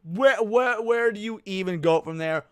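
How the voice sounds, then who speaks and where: Male livestream host, heated sweary reaction commentary, high, clean dry voice. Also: normal speed, smooth, no echo. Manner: profane, heated ranting.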